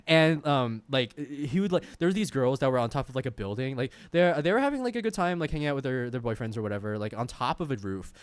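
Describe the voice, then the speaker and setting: A man's voice: mid-range voice, sing-song, fast, no echo. A young man casually telling a rambling story as a streamer, full of fillers, laughing as he goes.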